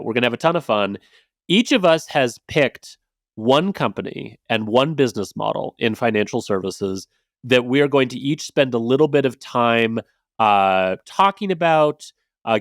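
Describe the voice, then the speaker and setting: A man's voice: medium pitch, no room sound, clean studio sound. A man hosting a podcast, talking casually with frequent fillers and restarts as he introduces the episode and guests. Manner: conversational, many fillers and restarts. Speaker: podcast host.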